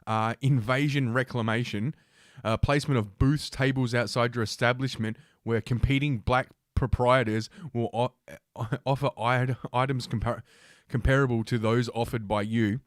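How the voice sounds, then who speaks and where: A man's voice: mid-range voice, fairly even intonation, moderate pace, no echo, clean studio sound. A young man hosting a livestream, reading news aloud and ranting about it in a sarcastic, profane, combative way. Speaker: livestream host.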